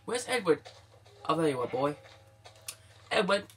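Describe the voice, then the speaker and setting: A man hosting a let's play, chatting to viewers and his pet and exclaiming excitedly at what happens in the game. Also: a little high, unhurried, background noise. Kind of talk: gaming commentary.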